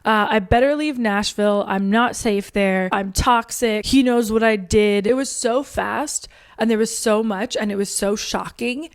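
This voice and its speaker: A woman's voice: medium pitch, a little slow, dry recording, studio quality. A woman recounting a frightening encounter in an intense, shaken way. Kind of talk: interview testimony.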